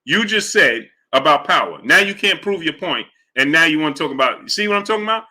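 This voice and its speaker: A man hosting a live boxing stream, arguing his point with repetition and greeting chat members in a lower voice. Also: fast talker. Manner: animated, argumentative, repeats points; drops low and soft for chat shout-outs. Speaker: boxing show host.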